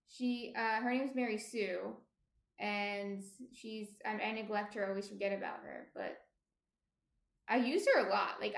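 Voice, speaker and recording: A woman with a New Jersey accent chatting casually with her live-stream viewers as she bakes at home, often trailing off with ums. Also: mid-range voice. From New Jersey, USA. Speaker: baking streamer. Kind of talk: casual live-stream chat while baking. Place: home indoors near kitchen. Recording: roomy echo.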